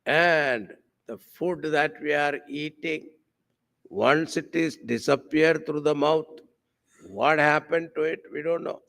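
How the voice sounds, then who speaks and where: A man delivers a spiritual discourse at an unhurried, measured pace. His voice carries a gravelly, creaky texture. He sprinkles Sanskrit terms through the talk and keeps drawing the audience in with rhetorical questions. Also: fairly high pitch, a bit bright. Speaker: swami giving a spiritual discourse. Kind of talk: devotional sermon with a told story. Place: camp hall with a live audience.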